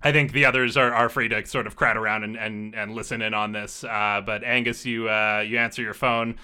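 A man runs a tabletop game as game master. He narrates in a relaxed, rambling way full of fillers, and his voice is sharp and bright. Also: lowish voice, a little fast, clear, resonant tone.

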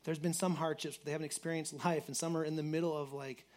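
Earnest man preaching in a slightly high voice. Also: flat delivery, fast, darkish tone. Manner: earnest, repeats words and says "like" often. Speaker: pastor. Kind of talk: conversational sermon.

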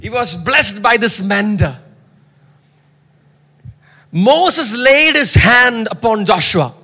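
A man preaching a sermon, reading scripture loudly and dropping to soft asides. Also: high voice, lively intonation, slow, big-room sound. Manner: emphatic, swings between soft asides and loud scripture reading.

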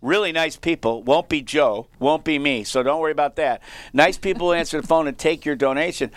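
A man in his sixties, a teacher, telling animated stories in casual chat in a radio studio and laughing often. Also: a little high, a little fast, dry recording. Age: 60s. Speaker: radio show guest teacher. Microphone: studio microphone.

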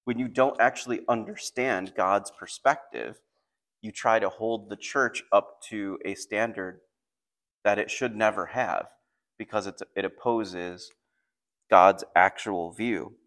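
A man's voice: fairly low pitch, takes it slowly, fairly bright tone. A man preaching a sermon, explaining a passage and reading scripture aloud with rising intensity. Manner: reads scripture aloud with raised intensity between plain explanation. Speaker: pastor.

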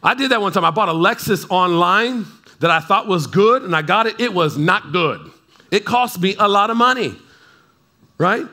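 High, bright-voiced man preaching conversationally. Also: expressive, moderate pace. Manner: chatty, keeps checking in with the crowd, playful asides. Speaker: pastor. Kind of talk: conversational sermon. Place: church service in front of a congregation.

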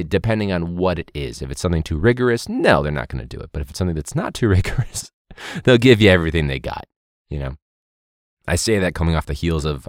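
Young guy teacher podcasting, low voice that swings all over, very lively. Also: no echo, clean studio sound. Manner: animated, mimics students in high voices. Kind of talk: casual podcast monologue.

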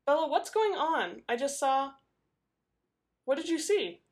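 A woman's voice: high voice, very animated, a little slow, pitched above the performer's own voice. A woman voicing an anxious young woman who questions urgently over the phone.

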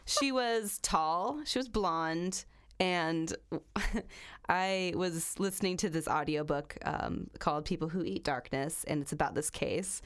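A woman's voice: fairly low pitch, takes it slowly. A woman co-hosting a casual chat podcast, telling a true-crime story with lots of fillers and frequent laughter.

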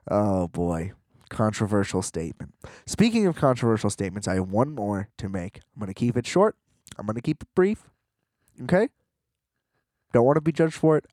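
A man hosting a podcast, delivering a casual comedic monologue with rambling, profane, animated ranting. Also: mid-range voice, moderate pace, no room sound, clean studio sound.

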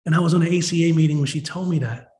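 A man speaks at a fairly high pitch and very fast, with a darkish tone. As a member of a recovery meeting, he shares a rambling, emotional personal testimony packed with "you know" and "like."

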